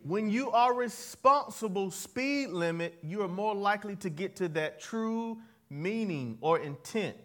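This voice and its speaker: High-voiced man preaching with call-and-response. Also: animated, unhurried. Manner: call-and-response preaching, swings from soft asides to loud emphatic lines; playful, laughs at his own jokes. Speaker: pastor. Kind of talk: sermon.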